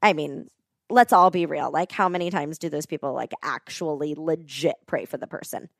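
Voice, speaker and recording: A woman recounts a personal story in a conversational, earnest way, often using "like." Her voice sits low with a gravelly fry. The sound is dry and close. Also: normal speed, dry recording. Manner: earnest, animated, often says "like". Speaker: guest telling a personal story.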